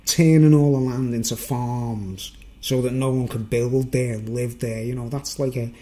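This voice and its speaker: A man's voice: medium pitch, normal speed. A man talking in a rambling, hesitant monologue, often restarting and chuckling. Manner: animated, with chuckles. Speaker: vlogger.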